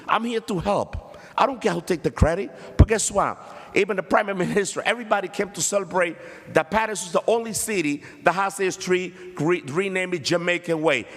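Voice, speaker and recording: Male councilman, fired-up floor speech, slightly high voice, long chamber reverb. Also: fairly bright tone. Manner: impassioned, combative, repeats phrases. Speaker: city councilman.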